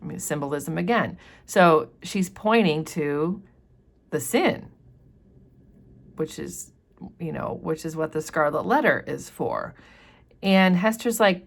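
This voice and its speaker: A woman's voice: deep voice, expressive, slow pace, creaky, pauses often. A woman teacher chatting through a novel chapter, explaining passages with casual fillers. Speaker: literature teacher. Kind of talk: casual book commentary with read passages.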